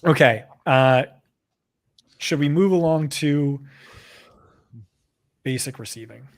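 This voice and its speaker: A man with a New Jersey accent co-hosting a live stream, talking quickly and casually with lots of fillers. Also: on the high side. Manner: quick, chatty, full of fillers. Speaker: co-host presenting a data tool.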